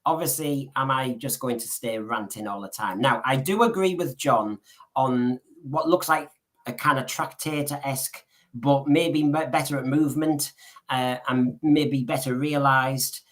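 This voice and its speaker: A man's voice: mid-range voice, a little slow. Rambling man stumbling over his words. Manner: rambling, frequent restarts and repeated words. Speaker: podcast co-host. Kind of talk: casual chat.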